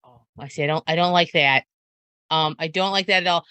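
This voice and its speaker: Bright, hesitant woman player. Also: sits low, brisk, clean tone, dry recording. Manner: hesitant, lots of fillers and restarts, laughing easily. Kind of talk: in-character tabletop role-play.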